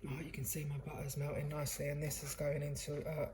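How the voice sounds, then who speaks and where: Woman w a low voice talking through a recipe, chatty, pokes fun at herself, bit of faint noise behind. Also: monotone, fast talker, few pauses. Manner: chatty and self-deprecating, talks to viewers. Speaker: cooking channel host. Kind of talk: casual cooking demonstration. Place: kitchen away from home.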